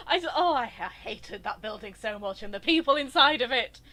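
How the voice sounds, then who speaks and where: A woman giving live gaming stream commentary through a headset, ranting in an exasperated, animated way. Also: fairly high pitch, moderate pace. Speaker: game streamer.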